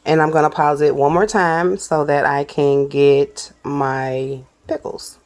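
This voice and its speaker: A woman's voice: low-pitched, little pitch movement, takes it slowly, darkish tone. A woman, chatting casually to viewers while she builds and tastes a burger in a cooking vlog. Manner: chatty, addresses viewers as y'all. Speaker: cooking vlogger.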